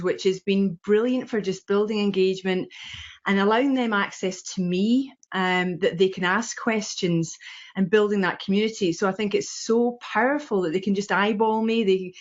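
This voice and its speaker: An enthusiastic Scottish woman chatting as a guest on a live stream, leaning hard on her praise. Her voice is mid-pitched, and the web call audio sounds dull and lo-fi. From Scotland. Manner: enthusiastic, emphatic. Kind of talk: casual chat. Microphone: video call microphone.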